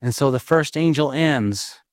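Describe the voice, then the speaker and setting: Slow, earnest man preaching. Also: medium pitch, no room sound, clean studio sound. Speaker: pastor. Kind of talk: sermon with personal testimony and prayer.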